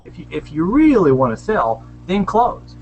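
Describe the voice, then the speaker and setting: A man's voice: high voice, wildly swooping pitch, normal speed, faint music behind, rough recording. A man on a panel, chatty and self-deprecating, giving sales tips in a casual video call discussion. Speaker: panelist, small business owner. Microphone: video call webcam.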